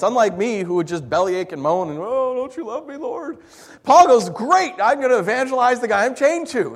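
A man preaching a sermon as pastor, animated and jokey, swinging between loud bursts and hushed asides. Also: very high voice, big-room sound.

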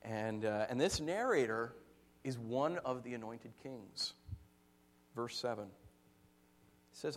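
A man preaching a sermon, telling stories with lively acted-out quotes and frequent laughter. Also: medium pitch, slow pace, long pauses. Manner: animated storytelling, acts out quotes, laughs often. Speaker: pastor.

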